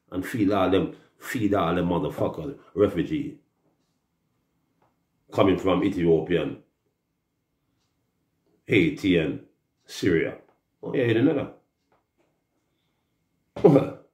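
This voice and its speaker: A man with a Jamaican accent on a loud, mocking, profanity-filled rambling rant. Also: fairly low pitch. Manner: loud, cursing, mocking, laughing. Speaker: music artist. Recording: roomy echo.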